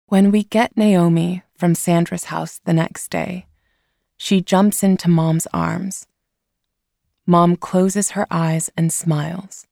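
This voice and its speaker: A woman narrating a first-person story in a plain, measured reading. Her voice is lowish with a gravelly edge, and she reads very slowly. The sound is close and dry, with no room around it. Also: darkish tone, no room sound. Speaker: audiobook narrator.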